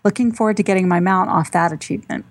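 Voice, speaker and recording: A woman co-hosting a gaming podcast, reading a listener's email aloud at a steady, even pace. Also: medium pitch, quick pace, dry recording. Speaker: podcast co-host.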